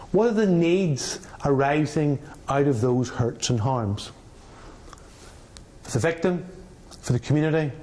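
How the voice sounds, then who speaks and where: A man's voice: fairly high pitch, darkish tone, a little hiss or hum. A middle-aged man, a mediator, giving a public talk and telling a personal story with candid, wry humour. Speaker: mediator and speaker.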